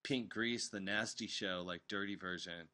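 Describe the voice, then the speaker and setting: A man hosts a loose, unscripted chat, rambling and animated, cursing freely as he tells stories. His voice sits low but sounds bright and forceful. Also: moderate pace. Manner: rambling, animated storytelling with profanity. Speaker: host. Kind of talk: casual chat. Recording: recorded live on an online stream.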